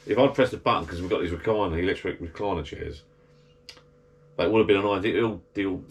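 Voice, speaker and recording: A chatty man with a slightly low voice rambles to his action camera from a garden shed bar. He grumbles, sighs and talks in an easy, meandering way. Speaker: vlogger. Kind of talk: casual chat to camera.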